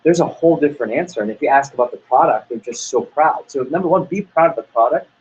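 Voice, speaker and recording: A man's voice: medium pitch, animated, fast talker, darkish tone, slightly rough, highs cut off. A man leading a sales team training talk, upbeat and motivational, acting out little dialogues as he goes. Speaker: sales office manager.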